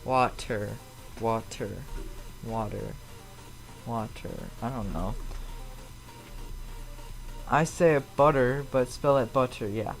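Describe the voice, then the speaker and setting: A man's voice: medium pitch, slow pace, long pauses, faint music behind, rough recording. Chatty Chicago-accented man streaming. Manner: chatty, a bit defensive, rambling with fillers. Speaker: flight-sim live streamer. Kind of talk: casual live-stream chat, answering viewers. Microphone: streaming mic.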